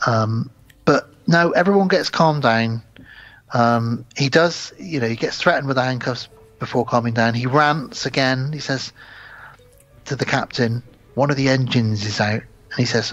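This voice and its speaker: A man's voice: medium pitch, lively intonation, normal speed, a bit bright, dry recording, highs cut off. A man co-hosting a podcast, retelling a film's plot in casual chat and acting out the characters' lines. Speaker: podcast co-host. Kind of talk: casual film recap chat.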